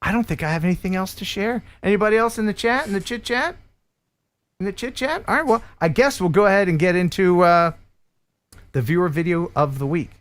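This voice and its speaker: A man's voice: fast talker, a bit bright, clean tone. Chatty, upbeat male livestream host. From United States. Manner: chatty, joking, enthusiastic pitchman. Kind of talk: casual livestream chat and sponsor reads.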